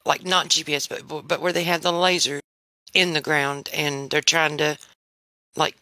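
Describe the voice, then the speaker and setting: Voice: mid-range voice, little pitch movement, moderate pace, pushed and bright, no echo. A live stream participant who chats eagerly while talking with a mouth full of food. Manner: eager, stumbling restarts. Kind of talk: casual chat.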